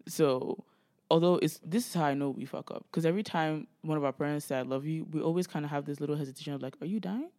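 A woman's voice: low-pitched, fairly even intonation, fast talker, no room sound. A woman in her twenties from Nigeria, co-hosting a casual podcast and telling stories with lots of acted-out quotes. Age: 20s. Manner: chatty storyteller, acts out quotes loudly, laughs often. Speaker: podcast co-host. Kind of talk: casual chat.

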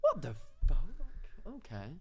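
A man's voice: mid-range voice, huge pitch swings, unhurried, vocal fry, dark tone, slightly rough, dry recording. A young man co-hosting a podcast, a bit ill with a cold, chatty and self-mocking, laughing often. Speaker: podcast co-host. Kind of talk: casual chat.

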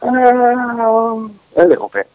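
A man's voice: very high voice, sing-song, extremely slow, no room sound. A man calling in to a fan radio show, upbeat and enthusiastic in casual chat. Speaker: caller. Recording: dull, dry lo-fi recording.

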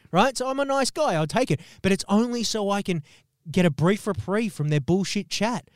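A high-pitched man co-hosting a comedy podcast, ranting in an exaggerated, foul-mouthed way and laughing as he goes. His voice sits close and dry on the microphone. He pushes each complaint for comic effect. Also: expressive, brisk, clean tone, no room sound. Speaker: podcast co-host. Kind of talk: comedic rant.

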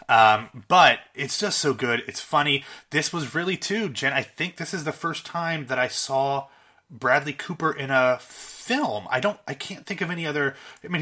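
A man's voice: mid-range voice, moderate pace, pushed and bright. A man co-hosting a casual talk show, enthusiastically running through his favorite comedy films. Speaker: podcast co-host.

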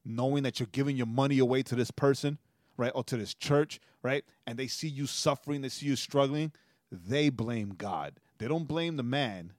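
A man's voice: mid-range voice, moderate pace, no echo, clean studio sound. A man co-hosting a podcast in a casual chat, telling stories and tagging nearly every sentence with a questioning "right?". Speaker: podcast co-host.

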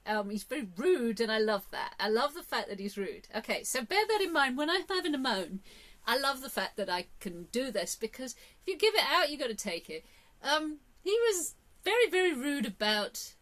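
A woman's voice: a little high, a bit bright. Chatty opinionated English woman. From England. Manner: chatty, rambling, with many fillers and sudden emphatic rises. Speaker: vlogger. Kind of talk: casual opinionated monologue.

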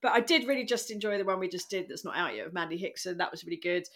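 An English woman appears as a guest on a podcast. She speaks in a somewhat low voice. She rambles in an animated way and jokes at her own expense. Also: rapid-fire. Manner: animated, self-mocking, rambling. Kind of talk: casual interview chat.

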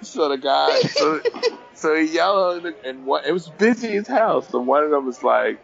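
A man co-hosting a casual podcast chat, telling a story with lively acted-out quotes. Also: mid-range voice, moderate pace, gravelly. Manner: animated storyteller, acts out the people in his stories. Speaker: podcast co-host. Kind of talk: casual bar-table chat. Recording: dull lo-fi podcast audio.

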